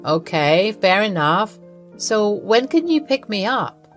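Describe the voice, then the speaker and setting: A woman's voice: medium pitch, very animated, slow pace, soft background music. Woman doing a teasing, pleading young wife.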